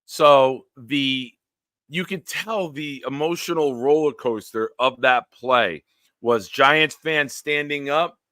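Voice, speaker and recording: A man hosting a casual sports talk livestream, animated and joking, breaking into silly voices. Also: medium pitch, slow pace, dry recording, studio quality. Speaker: podcast host.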